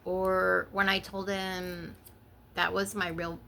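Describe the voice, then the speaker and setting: A middle-aged woman hosting her own show, reading her poem softly and then explaining it in a casual chat. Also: lowish voice, level tone, slow, gravelly, a little hiss or hum. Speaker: podcast host and poet.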